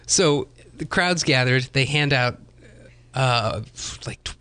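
A man's voice: medium pitch, slow, bright, forceful tone, smooth. A man co-hosting a casual chat, telling stories with dry humor and the odd restart. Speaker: co-host.

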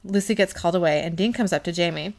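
A woman's voice: fairly low pitch, quick pace, vocal fry. A woman co-hosting a podcast, chatting casually and reading out scenes from an episode, laughing often. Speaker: podcast co-host recapping a TV episode. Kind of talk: casual chat.

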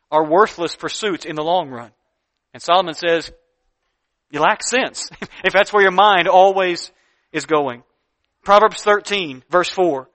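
Bright, high-voiced man preaching a sermon. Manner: reads verses slowly and deliberately, then explains in earnest plain talk; emphatic repeated lists. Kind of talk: sermon teaching from Proverbs.

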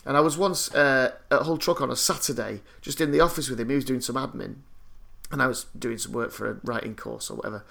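Guy, gravelly voice, rambly self-deprecating storytelling, podcast chat. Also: mid-range voice, fast, a bit bright. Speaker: podcast co-host. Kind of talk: casual chat, anecdote.

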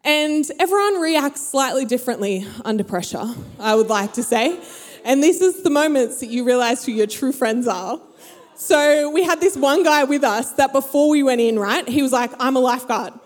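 Before a live audience in a big hall, a young adult woman tells a story, imitating her friends' voices. She speaks at normal speed in a high, animated voice, and long reverb fills the recording.

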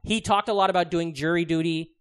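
Fairly high in pitch with a fairly bright, clean tone, this man speaks at a quick pace with fairly even intonation. He's in his thirties, co-hosting a podcast and chatting casually, rambling and cursing with lots of fillers and frequent laughs.

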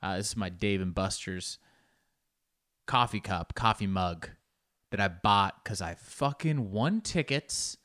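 A man who is a comedian hosts his own podcast at home in a casual solo monologue, rambling, joking and poking fun at himself, swearing often and leaping up in pitch for emphasis. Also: unhurried. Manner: rambling, joking and self-mocking, with frequent swearing; animated, with sudden jumps up in pitch for emphasis.

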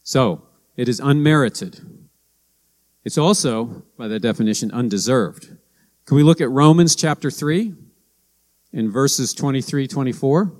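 A man's voice: mid-range voice, unhurried, long pauses, a little mellow. Man preaching in a storytelling way. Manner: conversational storytelling, with anecdotes and acted-out quotes. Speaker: pastor. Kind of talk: sermon.

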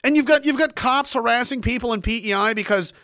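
Sarcastic guy ranting on his stream, high bright voice, cussing a lot. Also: fast talker, no echo. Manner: sarcastic, indignant, swearing. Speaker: livestreamer reading chat. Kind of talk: angry livestream rant.

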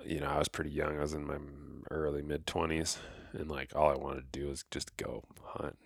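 Man, podcast co-host, very deep gravelly voice, relaxed rambling chat. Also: fairly quick, dry recording, clean studio sound. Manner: laid-back, heavy use of "like".

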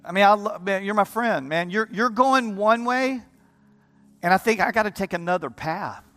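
A high-pitched man preaches his testimony from a church platform, impassioned and repeating himself in quick bursts. His voice rings out with a long hall echo and soft music playing underneath. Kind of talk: sermon testimony storytelling. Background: live keyboard music.

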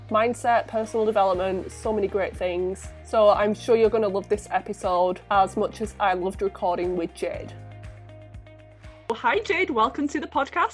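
Friendly woman podcast host, faint music. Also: medium pitch. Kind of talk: scripted intro and interview hosting.

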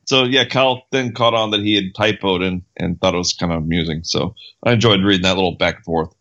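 A man's voice: deep voice, quick pace, fairly bright tone, highs cut off. A man in his thirties co-hosting a podcast, chatting casually and retelling little stories in an easygoing way. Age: 30s. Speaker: podcast co-host.

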